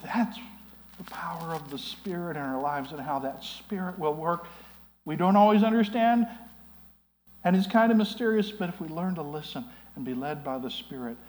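Man, pastor, sermon, conversational storytelling, somewhat high-pitched. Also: normal speed, poor audio. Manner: storytelling, conversational with frequent "you know".

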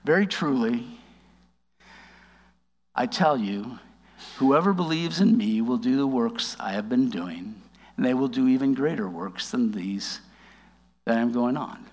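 A man giving a conversational sermon, reading scripture aloud and explaining it with wry asides, slowing down for emphasis. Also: medium pitch, lively intonation, a little mellow, long reverb tail. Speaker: preacher.

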